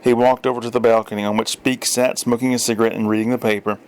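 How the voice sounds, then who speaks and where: A man's voice: mid-range voice, little pitch movement, fast, clear, resonant tone. Wry man reading a story. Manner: wry, dry storytelling with small self-corrections. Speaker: story reader. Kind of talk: audiobook narration.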